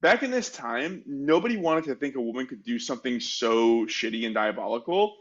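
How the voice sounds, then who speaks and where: A man co-hosting a history podcast, explaining the story casually with plenty of "like" fillers and self-mocking asides. His voice is medium-pitched. The sound is a bit dull and muffled. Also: animated, a little fast, a bit bright. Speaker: podcast co-host.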